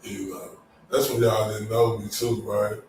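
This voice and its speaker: A man's voice: fairly low pitch, level tone, a little slow, noisy background. A man hosting a casual after-show chat, loose and exclamatory, laughing often. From Dallas, Texas. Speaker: show host. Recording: very echoey room, distant mic.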